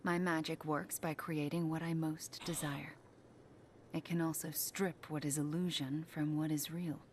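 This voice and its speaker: A remorseful sorceress from a video game, soft and breathy, every word earnest. Her voice sits very low for a woman. A faint hiss runs beneath. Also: level tone, a little slow.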